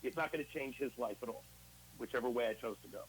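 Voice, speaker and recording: In this poor-quality audio with slight background noise, a man talks at a quick pace in a mid-range voice. He's a guest in an interview, recounting his recovery candidly and conversationally and acting out earlier exchanges as quoted dialogue.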